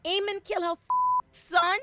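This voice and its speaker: A woman hosting a comedic episode recap, talking in an animated, slangy, profane way. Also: extremely high pitch, unhurried. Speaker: show recap host.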